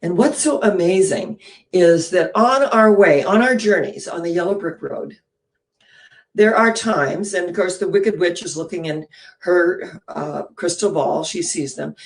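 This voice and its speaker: Woman minister, sermon, gravelly voice, storytelling, rhetorical questions, hushed whispers. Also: on the low side, unhurried.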